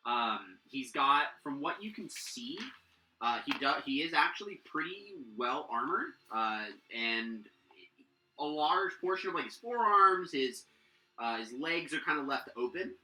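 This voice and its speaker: A man's voice: a little high, lively intonation, a little slow, sharp tone, a little hiss or hum. Man, game master, narrating tabletop game, rambling, filler-heavy, echoey room. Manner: rambling with frequent fillers and restarts.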